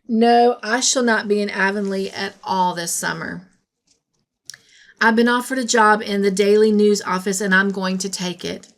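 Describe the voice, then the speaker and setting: A woman reading the lines of an earnest, lovestruck young man in a storybook, speaking quietly. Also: mid-range voice, moderate pace, lightly acted.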